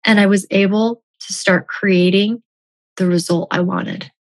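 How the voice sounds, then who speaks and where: A woman's voice: mid-range voice, steady tone, unhurried. Woman telling a personal story emphatically. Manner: emphatic, repeats key phrases.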